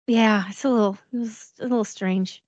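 A woman's voice: a little high, fairly even intonation, moderate pace, a little mellow, no echo, muffled recording. A woman co-hosting a podcast, chatting about celebrity news in a curious manner that trails off. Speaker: podcast co-host. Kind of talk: casual gossip chat.

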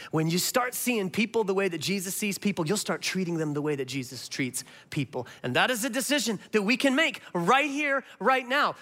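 A male pastor preaching a sermon, telling the story with animated, impassioned delivery that swings between loud and soft. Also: fairly high pitch. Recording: long reverb of a large hall.

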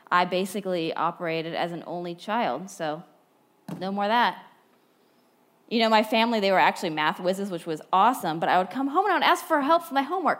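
A woman giving a sermon, telling personal stories in an animated way, swinging from bright and loud to hushed and low. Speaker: speaker at a church talk.

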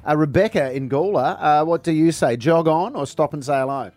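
A man's voice: a little high, brisk, a little mellow, no room sound. An Australian man co-hosting breakfast radio, joking and laughing as he chats. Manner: playful, laughs often. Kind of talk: casual radio banter.

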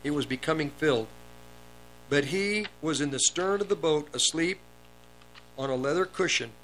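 A man with a slightly raised pitch preaches, reading verses aloud and then explaining them. He lifts his voice on the quoted commands. A faint hum runs underneath. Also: lively intonation, normal speed, a bit bright, rough recording. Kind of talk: sermon, reading and expounding scripture.

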